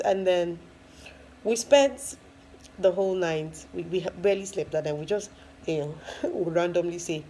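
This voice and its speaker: A woman's voice: on the low side, animated, a little slow, warm tone, a little hiss or hum, rough recording. A woman, a first-time mom, casually telling her own story with lots of fillers and frequent laughs. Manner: chatty, many fillers, laughs often.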